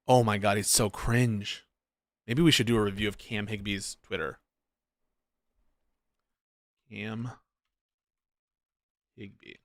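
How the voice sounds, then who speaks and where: A man's voice: a bit bright, no room sound. Sarcastic, swearing male commentator reacting on stream; mid voice, dead dry. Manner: sarcastic, profane ranting; mocks others in shrill put-on voices.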